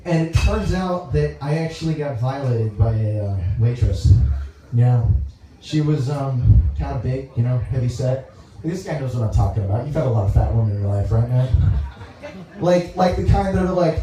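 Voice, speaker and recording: A young man from Dallas doing a stand-up comedy set, rambling, halting and crude as he talks to the crowd on a club stage. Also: mid-range voice, dark tone, soft background music. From Dallas, Texas. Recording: echoey room, mic heard from far off.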